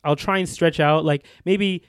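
A young male podcast co-host speaks at normal speed with a high-ish, clear, resonant voice and a steady tone, in clean studio sound with no echo. Chatting casually, he tells a rambling story packed with fillers and restarts.

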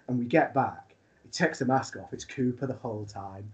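A man, a wrestler guest, telling a long funny story in a casual, animated way with laughs. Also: medium pitch, normal speed, highs cut off.

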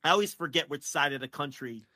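Bright-voiced man bantering on a podcast. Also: fairly high pitch, fast talker, no echo. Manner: joking, teasing. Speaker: wrestling podcast co-host.

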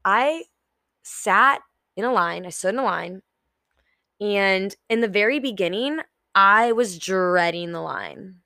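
A woman's voice: medium pitch, lively intonation, takes it slowly, pushed and bright, dry recording, clean studio sound. A young woman hosting a solo motivational podcast. She talks candidly, swears freely and acts out her own inner thoughts. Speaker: podcast host.

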